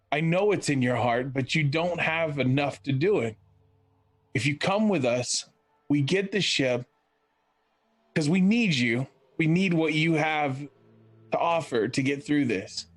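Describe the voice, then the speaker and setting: A man's voice: on the high side, unhurried. A man playing a persuasive character with a cane, pleading and reassuring in a tabletop game.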